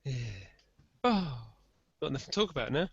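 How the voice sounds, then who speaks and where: A man's voice: fairly high pitch, animated, normal speed, noisy background. A man in casual podcast chat, easygoing and agreeable. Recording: dull lo-fi audio.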